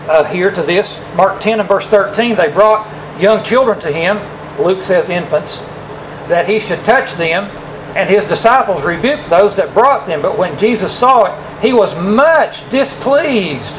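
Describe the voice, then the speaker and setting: A man's voice: high voice, background noise. A man preaching a sermon, stretching out the key words of the scripture he quotes and putting rhetorical questions to his listeners. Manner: emphatic, drawn-out stress on scripture quotes; asks the audience rhetorical questions.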